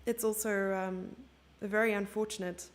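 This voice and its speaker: A woman's voice: mid-range voice, level tone, moderate pace. A woman from Germany giving casual, self-mocking live chess commentary, chatting with her viewers and thinking aloud over the moves.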